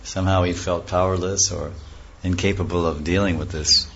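Deep-voiced man telling a scripture story. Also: moderate pace, slightly rough. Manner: animated, acts out characters, laughs often. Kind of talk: storytelling lecture with acted voices. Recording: dull lo-fi recording with faint ambience.

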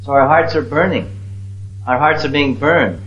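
A man teaching a devotional lecture to a small audience, earnest, moving from loud calls to hushed pleading. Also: on the high side, moderate pace. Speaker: spiritual teacher. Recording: roomy, slightly dull recording.

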